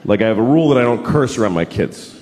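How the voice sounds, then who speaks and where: A middle-aged man doing a stand-up comedy set, ranting and profane, with sudden mock-outraged yells. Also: mid-range voice, expressive, quick pace. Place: large theater stage before a laughing audience. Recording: roomy live venue with loud crowd.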